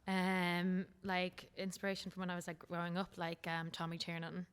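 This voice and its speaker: A young adult woman with a Dublin accent, a stand-up comedian chatting casually as a podcast guest, lively and quick with frank asides. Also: fairly low pitch, smooth. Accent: Irish, Dublin. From Ireland. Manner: lively, swearing, quick asides, laughs easily. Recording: long hall reverb.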